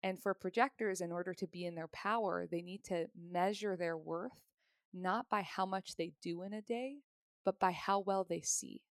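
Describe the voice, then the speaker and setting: A woman's voice: fairly low pitch, normal speed, dry recording, studio quality. A woman, likely in her thirties, chatting as a podcast guest, explaining ideas in a friendly, talkative way and laughing often. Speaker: podcast guest, human design reader. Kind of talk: casual podcast conversation.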